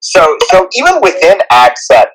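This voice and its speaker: A man's voice: high-pitched, huge pitch swings, moderate pace, a bit bright, rough recording. A man with a Persian accent who talks in a rambling, earnest way and often restarts his sentences in a casual live audio chat. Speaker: guest speaker.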